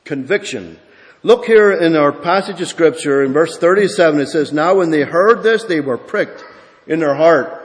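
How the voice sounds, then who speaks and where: A man's voice: fairly high pitch, expressive, moderate pace. Guy preaching a sermon, lots of restarts, gets emphatic, big echoey church hall. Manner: storytelling with many restarts, building to emphatic preaching. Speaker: pastor. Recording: long hall reverb.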